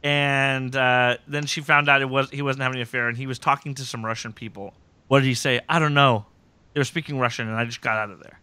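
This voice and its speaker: A man hosting a podcast, recapping episodes in casual chat and acting out scenes in quick impressions. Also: mid-range voice, bright, forceful tone, clear, resonant tone, dry recording.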